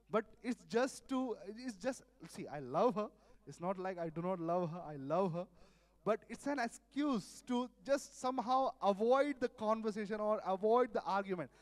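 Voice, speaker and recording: A male preacher delivers a sermon, his voice sitting a little higher than most men's. He repeats phrases with earnest insistence and swings from loud emphasis to near quiet. The sound is dry and close. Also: animated, a little slow, no room sound. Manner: earnest, repetitive, sudden swings in loudness.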